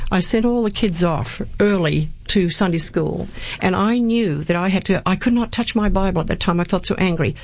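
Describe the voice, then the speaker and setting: Speaking earnestly as an interview guest, a woman shares a personal faith story and quotes scripture. Her voice is medium-pitched and a little mellow, with no room sound.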